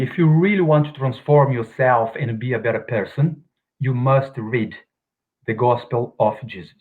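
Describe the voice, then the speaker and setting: Man speaking over a tinny call line. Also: medium pitch. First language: Portuguese. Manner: hesitant, many ums, non-native grammar. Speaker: guest speaker. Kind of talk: spiritual talk on video call. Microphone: video call. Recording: tinny phone-like call audio.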